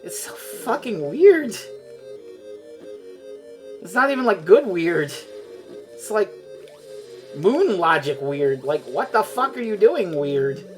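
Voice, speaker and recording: A woman's voice: fairly low pitch, sing-song, takes it slowly, pauses often, darkish tone, faint music behind. A woman streaming a video game, rambling and swearing freely as she chats. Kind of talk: casual chat while playing a video game.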